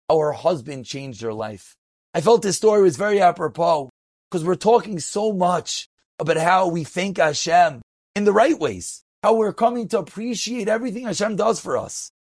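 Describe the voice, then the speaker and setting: A man telling an inspirational story as a rabbi, animated and acting out the voices of the people in it. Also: sits high, no room sound, clean studio sound. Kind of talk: storytelling talk.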